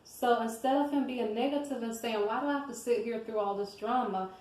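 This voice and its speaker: A woman's voice: on the high side, a little fast, a little mellow, echoey room, rough recording. A woman giving casual devotional commentary on scripture, talking in a rambling conversational way and often checking in with her listeners.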